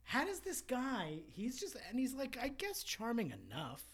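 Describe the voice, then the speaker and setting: Blunt, lively woman podcast co-host. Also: on the high side, a little slow. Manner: blunt, swears a lot, mocks characters in put-on voices. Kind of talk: casual chat.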